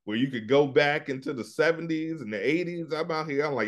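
A man's voice: mid-range voice, moderate pace. Laid-back middle-aged man telling stories. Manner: laid-back storytelling, acts out his own lines in put-on voices. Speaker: podcast co-host. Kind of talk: casual chat.

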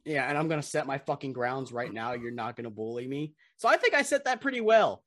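A man's voice: mid-range voice, big pitch swings, fairly quick, fairly bright tone, no room sound, studio quality. Rambling young guy telling school stories. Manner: rambling storyteller, swearing, laughing often. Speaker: podcast co-host. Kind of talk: casual podcast chat.

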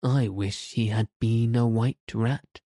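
A man's voice: medium pitch, fairly even intonation, slow, warm tone, no room sound, clean studio sound. A cheeky little boy, as a man voices him. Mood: offhand. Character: cheeky, talkative small boy.

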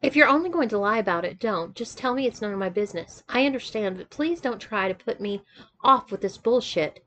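A woman voicing a young woman who presses her fiancé for the truth, quiet but firm. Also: mid-range voice, animated, fairly quick.

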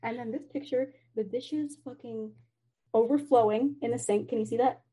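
A young woman on a video call, telling a story about a messy roommate in an animated way, swearing and saying "like" a lot. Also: a little high, normal speed, breathy edge. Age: young adult. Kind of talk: casual chat over video call.

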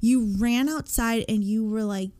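A young woman in her twenties co-hosts a casual podcast. She tells her story in an animated rush, packed with curse words and "like" fillers. Her voice sits a little high. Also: unhurried. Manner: animated, profane, many "like" fillers. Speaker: podcast co-host.

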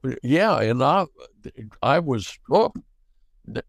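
An older man, a guest actor, telling anecdotes in an animated way and acting out the dialogue. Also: medium pitch, slow pace, vocal fry, dry recording. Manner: animated, acts out dialogue in quotes. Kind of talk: anecdotal storytelling.

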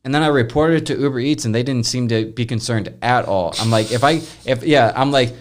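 A young man hosting a podcast, casually telling a long story, rambling and animated, with frequent swearing. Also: medium pitch, a little fast, hardly any pauses, a little hiss or hum. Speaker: podcast host.

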